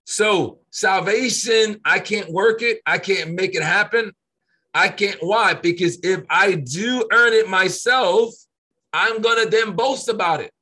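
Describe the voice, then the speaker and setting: A man in casual Bible-study conversation, reading scripture slowly and pressing his points with earnest repetition. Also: high voice, sharp tone, slightly rough. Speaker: co-host of a faith discussion.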